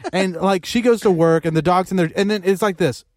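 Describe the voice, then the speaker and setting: A man co-hosting a casual comedy podcast, telling a story in a rambling, self-deprecating way with halting restarts. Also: high voice, darkish tone. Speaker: podcast co-host. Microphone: podcast microphone.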